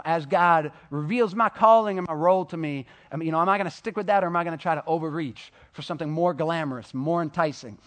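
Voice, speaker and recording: A young man giving a casual sermon to high school students, full of fillers and acted-out quoted voices. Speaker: youth speaker.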